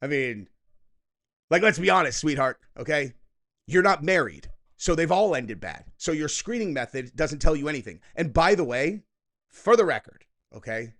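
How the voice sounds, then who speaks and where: A man in his thirties hosting political reaction commentary, sarcastic and mocking with loud outbursts. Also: on the high side, expressive, moderate pace.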